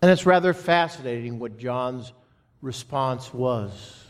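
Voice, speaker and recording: A pastor preaching a sermon to his congregation, slow and emphatic with dramatic pauses. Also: medium pitch, expressive. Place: church sanctuary. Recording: long reverb of a church hall.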